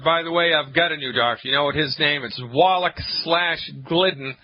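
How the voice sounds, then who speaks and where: A man's voice: fairly high pitch, normal speed. Emphatic man hosting call-in health radio. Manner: emphatic, jokey, rants with mock-angry acted quotes. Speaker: radio host, naturopath. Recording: dull lo-fi radio broadcast.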